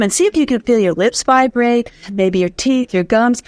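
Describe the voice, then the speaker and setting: A woman's voice: on the high side, normal speed, dry recording. A woman from the United States, a voice teacher guest in an interview, explaining vocal tips and humming demonstrations, with easy laughs. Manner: demonstrative, hums examples, laughs easily. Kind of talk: instructive interview talk.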